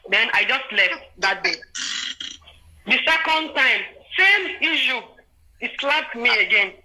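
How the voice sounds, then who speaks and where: Animated young woman, Nigerian accent. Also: sits high, takes it slowly, rough recording. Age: 20s. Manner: animated, often checks in with "do you understand?". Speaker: guest sharing a personal story. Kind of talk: casual storytelling chat.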